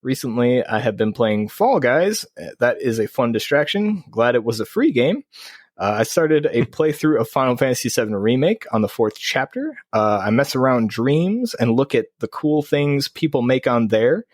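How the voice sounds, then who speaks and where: Lively laid-back podcast co-host man. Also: moderate pace, dry recording, studio quality. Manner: laid-back, laughing often, lively pitch. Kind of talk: casual chat, reading listener messages. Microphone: video call.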